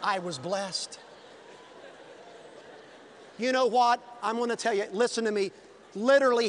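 High-voiced preacher telling a story. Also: male voice, a little slow, long pauses, slight background noise. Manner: animated, swings from hushed to shouting. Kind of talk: sermon storytelling.

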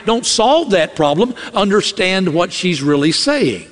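A man preaching a sermon from the pulpit of a church, animated, and often acting out the voices of the people he quotes. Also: high voice, unhurried, big-room sound. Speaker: pastor. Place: church sanctuary. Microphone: podium or stage mic.

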